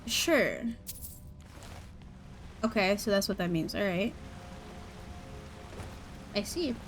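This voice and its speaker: A woman's voice: medium pitch, sing-song, slow, faint music behind. A young woman streaming a game, chatting casually, giggling and reacting to chat as she plays. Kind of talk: casual gameplay commentary.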